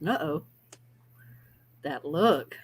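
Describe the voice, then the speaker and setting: A woman hosting a casual live-stream chat, chatty and quick to laugh as she reads out viewer comments. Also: deep voice, lively intonation, breathy edge. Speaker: live show host reading chat comments.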